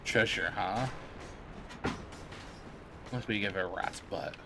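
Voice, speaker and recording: A man's voice: low voice, slow, background noise. A man chatting casually while streaming a game, rambling and joking with lots of filler words. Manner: rambling, jokey, filler-heavy. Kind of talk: casual chat while gaming.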